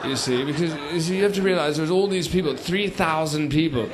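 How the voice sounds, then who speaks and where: A man's voice: fairly high pitch, fast talker, hardly any pauses, a crowd in the background. A man on a theater stage performing a comic monologue as a rambling old British chap, padding every line with "you see" and "sort of". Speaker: stand-up comedian performing a character monologue. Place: theater stage before a live audience. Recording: noisy live theater recording.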